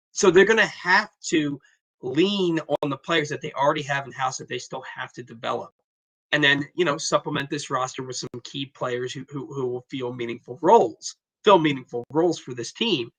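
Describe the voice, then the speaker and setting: A man co-hosting a sports podcast with a bright, forceful voice. His pitch sits in the middle of the usual male range. He talks animatedly and chimes in quickly. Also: poor audio. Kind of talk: casual sports talk.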